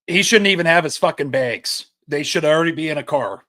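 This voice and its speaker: A man's voice: a little high, expressive, a little fast, pushed and bright. A young man co-hosting a sports podcast, ranting heatedly and swearing often in casual chat. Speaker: podcast co-host.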